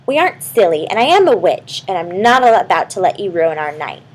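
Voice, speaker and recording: A woman doing a young witch girl in a bedtime story, earnest and brave. The voice sits a little higher than the teller's own. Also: wildly swooping pitch, unhurried, vocal fry, husky, heavily acted, poor audio.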